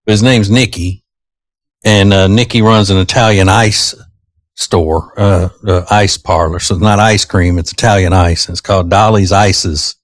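A man's voice: sits low, fairly even intonation, normal speed, dry recording. A man hosting a radio show, rambling casually with lots of fillers.

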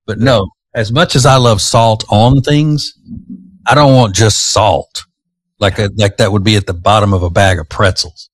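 A man co-hosts morning radio from the studio in a relaxed, easygoing way, laughing often. His voice sits a little low, and the sound is dry and close. He tells casual stories at an unhurried pace. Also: dry recording. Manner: laid-back, laughs often. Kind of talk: casual morning show banter.

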